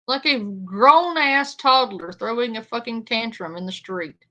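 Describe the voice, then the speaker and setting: A woman's voice: a little high, unhurried, bright, forceful tone. Sarcastic woman reacting to a clip. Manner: sarcastic, blunt, swearing. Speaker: reaction streamer. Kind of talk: casual commentary on a clip.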